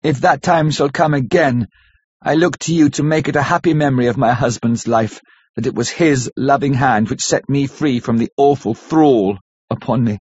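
A man voicing a gentle, devoted young wife in an audiobook, earnest and solemn, with a husky voice. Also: medium pitch, normal speed, no echo, close to an everyday voice. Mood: tender. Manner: earnest, pleading, softly solemn. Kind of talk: audiobook character reading. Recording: dull lo-fi audiobook recording.

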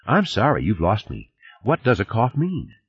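A man reading an audiobook, voicing a sharp, persistent woman lawyer who questions with dry irony, on a dull lo-fi cassette recording. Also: lowish voice, huge pitch swings, normal speed, husky, voice pushed up, full character voice. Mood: wry. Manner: questioning, dryly ironic.

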